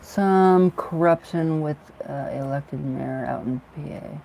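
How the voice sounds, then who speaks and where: A man's voice: a little high, slow pace, gravelly, warm tone. A man chatting casually with viewers while reading cards. He sounds tired and drowsy, talks loosely, laughs often and trails off.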